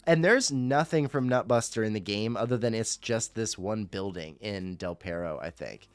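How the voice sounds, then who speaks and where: A man's voice: lowish voice, normal speed, smooth, no room sound, soft background music. A man hosting a fan radio show, chatting casually on a livestream in a rambling, profane and jokey way.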